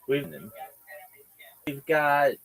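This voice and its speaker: Slow-talking profane livestream host, a man. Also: a little high, level tone, fairly bright tone, faint music behind, rough recording. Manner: profane, slangy, rambling. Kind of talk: casual livestream chat.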